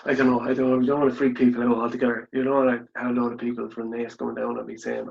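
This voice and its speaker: Irish co-host with a Kildare accent, mid-pitched, rambling and chatty, muffled lo-fi podcast audio. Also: male voice, completely flat delivery, quick pace, creaky, few pauses. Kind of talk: casual podcast chat and interviewing.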